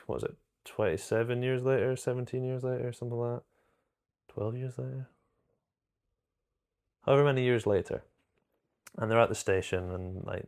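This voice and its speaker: A film reviewer with a lowish, darkish voice talks casually and enthusiastically to camera about movies. He rambles and corrects himself as he goes.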